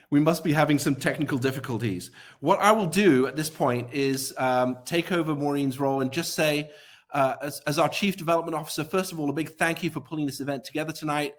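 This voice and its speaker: A man with a somewhat high voice hosts a live-streamed benefit gala. He sounds upbeat and fills the gaps with easy ad-libs. He moves the program along from guest to guest. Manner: upbeat, ad-libbing through pauses. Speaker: event host.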